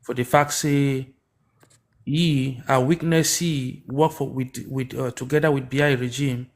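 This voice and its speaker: A man's voice: mid-range voice, fairly even intonation, measured pace. A man from Cameroon with a Cameroonian Pidgin English accent, giving rambling political commentary on a livestream, full of restarts and rhetorical questions. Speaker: livestream host.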